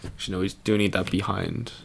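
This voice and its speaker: A man's voice: sits low, flat delivery, fast, creaky, slightly rough. A young man chatting casually and joking at his own expense while he draws his own avatar. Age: young adult. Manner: goofy, self-mocking rambling. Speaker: vtuber artist. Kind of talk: casual drawing commentary.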